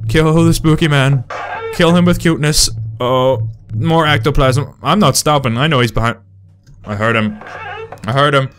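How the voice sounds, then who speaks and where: A young man giving excitable, profane commentary while playing a horror game. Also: medium pitch, normal speed, soft background music. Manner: excitable, swears often, shrieks when startled. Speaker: gaming video host.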